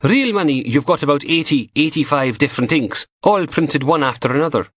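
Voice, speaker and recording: A male narrator voicing a punky young female forensic technician who teases in a dry, deadpan way. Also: a little high, fairly quick, no echo, voice pushed up. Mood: teasing.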